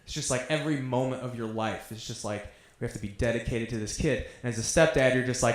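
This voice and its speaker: A man's voice: mid-range voice, quick pace, hardly any pauses. A man doing a stand-up set, telling crude stories in a conversational way. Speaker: stand-up comedian. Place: comedy club stage. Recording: roomy club sound.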